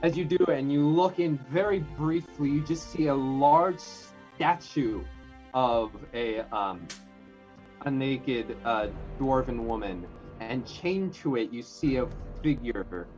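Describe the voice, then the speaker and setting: A game master narrating a fantasy scene with a lively, varied pitch. His delivery is easygoing and halting, and it comes through slightly dull stream audio. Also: soft background music. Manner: relaxed, hesitant narration with fillers.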